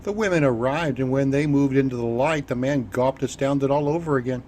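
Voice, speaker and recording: A man narrating an audiobook in an even, measured reading style. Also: medium pitch, a little hiss or hum. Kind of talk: scripted narration.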